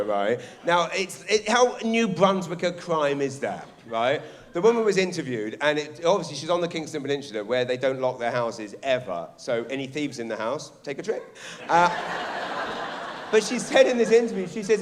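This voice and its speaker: A man's voice: fairly high pitch, expressive, a little fast. A man doing a stand-up comedy set on a theatre stage, telling stories animatedly, acting out characters and swearing. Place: theatre stage before a live audience. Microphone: stage microphone.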